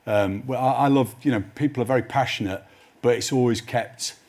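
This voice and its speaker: A man's voice: mid-range voice, fairly quick, darkish tone. A man, a guest writer telling rambling stories full of restarts on a studio chat show. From Nottinghamshire, England. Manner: rambling, self-interrupting storyteller. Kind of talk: anecdotal chat show interview. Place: TV studio with live audience.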